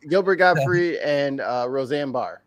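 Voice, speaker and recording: A man co-hosting a loose group chat, talking in a middle pitch. He gets excitable and trips over his words, with many restarts as he explains things. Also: measured pace. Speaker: podcast co-host.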